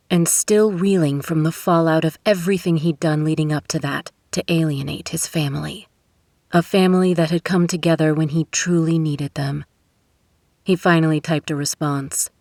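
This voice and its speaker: A woman reading a romance novel aloud in a steady, measured way. Her voice sits low, and the booth recording is close and completely dry. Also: no echo. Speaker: audiobook narrator. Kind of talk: scripted narration. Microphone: studio microphone.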